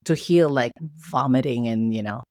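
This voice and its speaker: A woman from the Philippines, a podcast guest, telling stories in a lively, casual way. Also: very deep voice, normal speed, dry recording, clean studio sound. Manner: lively storyteller who acts out quoted voices. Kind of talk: casual storytelling chat.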